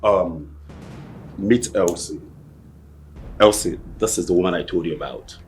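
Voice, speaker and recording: An actor playing a domineering, mocking husband in a Nollywood film. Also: male voice, low-pitched, unhurried, a little hiss or hum. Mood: bossy. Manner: bossy, mocking, then explosive shouting. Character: domineering husband who flaunts his mistress.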